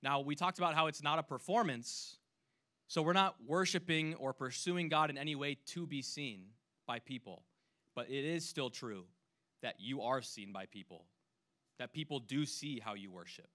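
A man preaching a sermon as a youth pastor, earnest, dropping to a hush and then rising to loud emphasis. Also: medium pitch, normal speed. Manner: earnest, swings between hushed and loud emphasis; acts out imagined voices when quoting.

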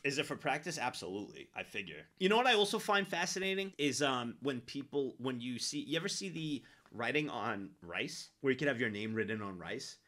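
A man streaming, casually reacting to viewer clips, chatty and quick to laugh. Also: medium pitch, very animated, sharp tone, soft background music. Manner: chatty, laughs often, exclaims.

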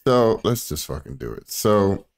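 A man's voice: lowish voice, sing-song, unhurried. A man hosting a casual reaction stream who rambles, laughs and curses while hunting through clips. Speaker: streamer host.

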